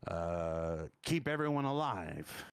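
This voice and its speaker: A man voicing a gruff female simian military boatswain who is curt and appraising, in a tabletop game. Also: sits low, very animated, takes it slowly, no echo, studio quality, voice pushed down, exaggerated voice.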